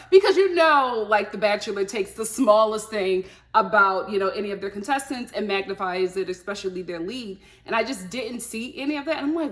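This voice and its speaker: A woman vlogger chatting casually about a reality show, animated and laughing, slipping into playful mock voices. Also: medium pitch, brisk, few pauses. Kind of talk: casual review chat.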